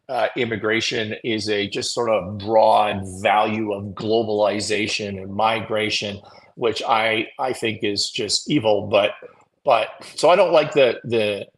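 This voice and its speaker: A man hosts a live morning show in a mid-pitched voice. He talks bluntly and with energy, mixing swearing and self-mocking humor into his opinions. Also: rough recording. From Canada. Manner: animated, blunt, swears, laughs at himself.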